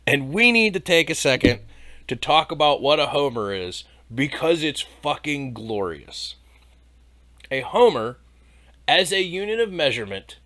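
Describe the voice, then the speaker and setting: A man's voice: fairly high pitch, sharp tone. A man hosting an irreverent comedy podcast, reading Bible passages aloud and mocking them with profanity, sarcasm and laughter. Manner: profane, sarcastic, laughs at his own jokes; reads scripture aloud then mocks it. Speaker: podcast host.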